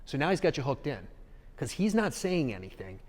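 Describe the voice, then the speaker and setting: A man giving a live seminar talk in an animated way, acting out examples and checking in with the audience. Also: on the high side, a little fast, long reverb tail. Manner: animated, acts out examples, asks the audience "okay?". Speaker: seminar speaker.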